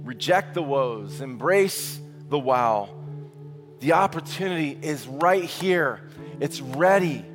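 A man's voice: on the high side, slow pace, soft background music. Rousing male preacher in a reverberant hall. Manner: energetic, rousing call-and-response preaching. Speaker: pastor. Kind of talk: sermon. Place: church sanctuary.

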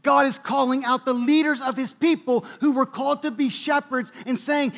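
A man's voice: very high-pitched, steady tone, moderate pace, hardly any pauses, fairly bright tone. A male pastor delivering a sermon, preaching with bursts of emphasis and occasional restarts. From New England, US.

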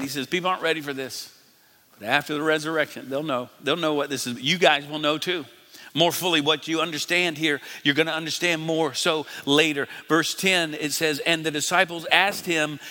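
A man preaching a sermon as pastor, emphatic, rising loud and dropping to a hush. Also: on the high side. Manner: emphatic, swings between loud and hushed. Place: large church hall. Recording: long hall reverb.

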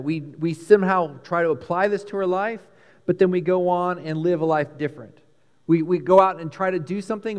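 A man with a Texan accent preaching a sermon, emphatic and animated, swinging between loud peaks and hushed lines. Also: on the high side, big-room sound. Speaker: pastor.

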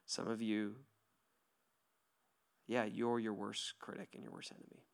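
A pastor in his thirties giving a sermon to his church, lively and joking at first, then soft and hushed as he leads a quiet prayer. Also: lowish voice, brisk, gravelly. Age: 30s. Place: church hall.

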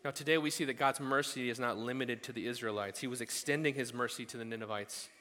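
A male pastor preaching a sermon at a church service, telling the story casually with animated asides. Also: medium pitch, fast. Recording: long hall reverb.

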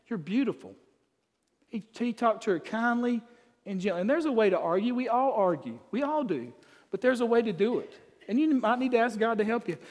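Casting: pastor, male, high tenor, homespun preaching with asides, church-hall reverb. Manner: folksy, conversational preaching with asides to the men. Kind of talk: sermon.

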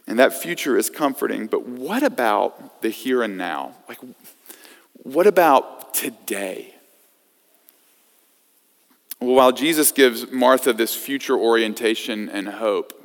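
A man preaching a sermon as pastor, swinging from loud emphasis to hushed scripture reading. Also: lowish voice, unhurried. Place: church sanctuary. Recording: long reverb of a church hall.

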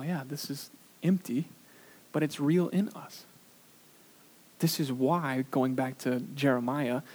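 A man preaching a sermon in an earnest way, sometimes pausing on "uh", who pushes his voice up for emphasis and then drops it low and quiet. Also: breathy edge. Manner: earnest preaching with frequent "uh" fillers. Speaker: pastor.

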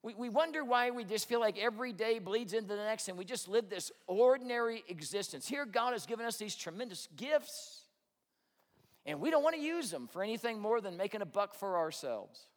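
A male pastor preaching a sermon, telling stories in an animated way and acting out both sides of the conversations. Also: sits high, a little fast. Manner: animated storytelling, acts out both sides of dialogues. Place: church sanctuary. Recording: long hall reverb.

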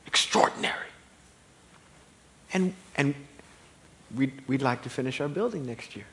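A man preaching a sermon as pastor, building from calm teaching to loud, emphatic preaching. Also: medium pitch, moderate pace, a little hiss or hum.

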